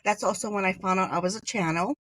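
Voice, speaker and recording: A woman from Hawaii, a podcast guest, telling a personal story in a rambling way, with sudden high jumps when she voices others. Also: fast talker, no room sound, rough recording. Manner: animated, acts out quoted voices with pitch jumps; rambling, self-correcting.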